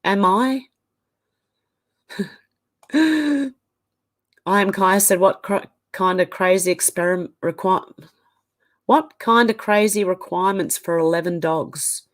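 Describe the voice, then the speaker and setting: A woman's voice: mid-range voice, slow pace, long pauses. A woman with an Australian accent hosting a casual livestream, reading viewer comments aloud and reacting to them. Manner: reads out chat comments and reacts conversationally.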